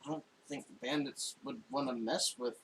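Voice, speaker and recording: A man's voice: mid-range voice, huge pitch swings, normal speed, vocal fry, a bit bright, a little hiss or hum, low-quality recording. A young man playing a tabletop game, laid-back and joking, swearing casually. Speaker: player.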